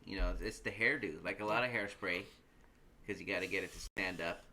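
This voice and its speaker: A man's voice: deep voice, fairly quick, sharp tone, a little hiss or hum. A man in his thirties hosting a casual live stream, rambling with many fillers and laughing easily. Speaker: host.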